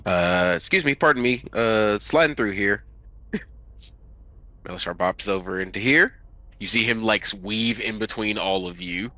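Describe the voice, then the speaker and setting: A man's voice: on the low side, unhurried, sharp tone, no echo, highs cut off. A man playing a tabletop game, animatedly describing his character's moves. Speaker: player.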